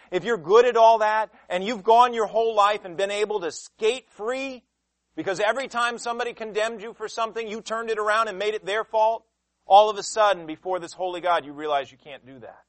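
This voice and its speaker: A man preaching a sermon with passion, swinging between loud emphatic lines and hushed ones. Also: high-pitched, a little fast, no room sound, low-quality recording. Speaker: pastor.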